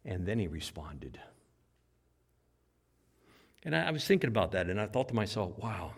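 A man preaching a sermon, telling the story dramatically and acting out cries, whispers and shouts. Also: fairly low pitch, big pitch swings, moderate pace, vocal fry. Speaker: pastor.

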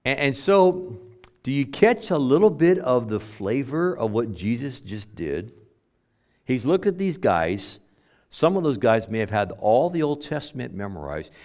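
Animated conversational male preacher. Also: medium pitch. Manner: conversational preaching, acts out quoted voices, sometimes halting. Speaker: pastor. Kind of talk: sermon.

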